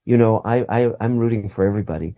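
A man's voice: fairly low pitch, quick pace, no room sound, dull audio. A man guest on a call-in radio show, talking earnestly and often repeating and restarting his words.

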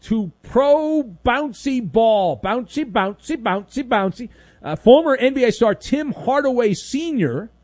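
A man hosts a sports talk show with sarcastic, mocking commentary, his fairly high voice swinging widely in pitch. He sounds close and dry, with almost no room around him. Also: no room sound. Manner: sarcastic, mocking, acts out little skits.

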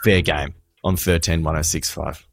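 A man's voice: very deep voice, normal speed, vocal fry. A young adult man, a radio host telling a story in casual banter and acting out the quotes. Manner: animated storyteller, acts out quotes.

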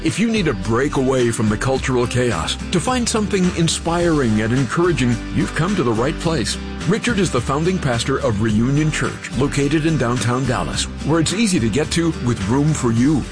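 A man's voice: mid-range voice, animated, moderate pace, few pauses. A man reading a scripted, welcoming program introduction. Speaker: program announcer. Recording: announcement over guitar music. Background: guitar music.

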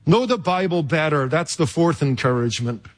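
A man preaching a sermon in an emphatic, rhetorical way, with dramatic pauses and sudden jumps in loudness. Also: fairly high pitch, lively intonation.

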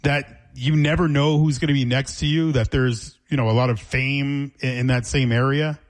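A man's voice: medium pitch, steady tone, moderate pace. A man hosting a casual radio interview, asking curious follow-up questions. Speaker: radio host.

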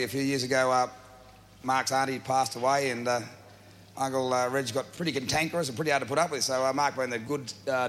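A man's voice: medium pitch, a bit bright, slight background noise. A man with an Australian accent telling comic stories in a drawling, laid-back way full of filler sounds. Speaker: comedian telling yarns. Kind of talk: stand-up storytelling.

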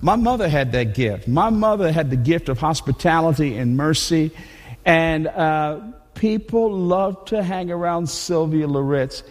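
High-voiced preacher in a reverberant hall. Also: male voice, lively intonation, measured pace. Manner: conversational, repeats words as he restarts. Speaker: pastor. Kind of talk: sermon.

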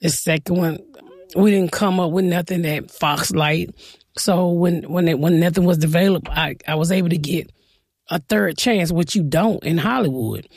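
A woman's voice: fairly low pitch, breathy edge, no echo, clean studio sound. A woman stand-up comedian speaking, telling blunt stories in an interview and acting out what she said. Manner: blunt, storytelling, quotes herself in animated bursts. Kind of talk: casual interview talk.

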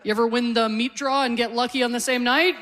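A woman's voice: on the high side, steady tone, quick pace, background noise. Canadian-born woman in her forties, stand-up. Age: 40s. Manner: conversational, self-deprecating storytelling. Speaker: stand-up comedian. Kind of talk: stand-up comedy set. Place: comedy stage before a live audience.

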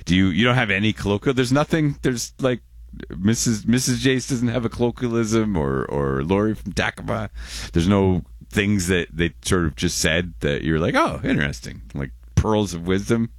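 A man's voice: fairly low pitch, animated, moderate pace, dry recording, studio quality. A man in his forties, hosting a radio show in casual, rambling chat and often correcting himself.

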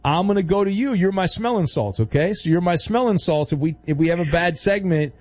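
A man's voice: high-pitched, expressive, brisk, darkish tone, dry recording, muffled recording. A man hosting a sports talk radio show, talking in a playful, teasing way.

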